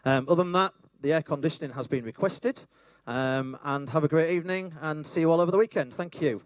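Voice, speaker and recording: A man's voice: fairly high pitch, fairly quick, no echo. A man giving a hesitant fire safety briefing at an event in a function room. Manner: hesitant, many fillers. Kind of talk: safety announcement.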